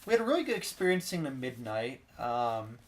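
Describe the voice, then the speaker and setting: A man's voice: medium pitch, big pitch swings, brisk, slight background noise. Easygoing man co-hosting a podcast. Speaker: podcast co-host. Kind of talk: casual chat.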